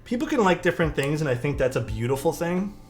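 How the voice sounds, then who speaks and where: A young man chats with his live stream audience as he works on a keyboard, faint music behind him. Slightly high-voiced, very animated and fast, he answers chat in loose talk stuffed with fillers.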